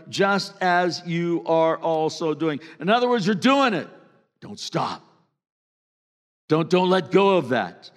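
Man, pastor, sermon, conversational, drops to a hush, reverberant church. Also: fairly high pitch. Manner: earnest, conversational preaching with sudden drops to a hush. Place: church sanctuary. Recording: long reverb of a church hall.

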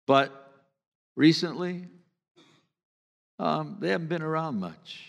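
Male pastor, somewhat high voice, earnest and conversational, long hall reverb. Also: takes it slowly, creaky. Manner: earnest, conversational preaching with sudden drops to a hush. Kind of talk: sermon. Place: church sanctuary.

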